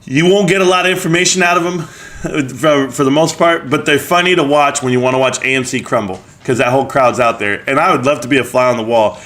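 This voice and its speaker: A man's voice: mid-range voice, fairly quick, a bit bright. A man hosting a live stream, chatting casually and reading viewer comments aloud with joking banter and frequent laughs.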